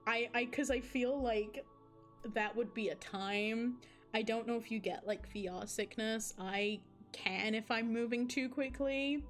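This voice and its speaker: Chatty woman streamer, slightly high voice. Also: fairly even intonation, unhurried, faint music behind. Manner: chatty, laughs, asides to chat. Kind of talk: live game stream, reading story aloud and chatting.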